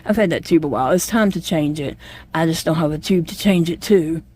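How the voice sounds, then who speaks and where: A woman's voice: deep voice, fairly quick, darkish tone, no echo. A middle-aged woman chats casually to her vlog camera. She tells her story in a plainspoken, rambling way, with plenty of fillers and restarts. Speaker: chronic illness vlogger.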